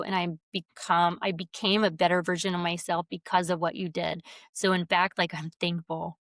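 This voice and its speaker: A woman with a fairly low voice speaks in an earnest, open way as a podcast guest. She keeps acting out her own inner thoughts as she goes. The sound is dry and close, with no room echo. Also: little pitch movement, normal speed, a bit bright. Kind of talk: reflective conversational interview.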